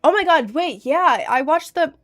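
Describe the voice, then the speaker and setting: A woman's voice: high voice, animated, normal speed, fairly bright tone. A young woman streaming live with a cold, chatting in a rambling, giggly way and reading out chat. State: has a cold.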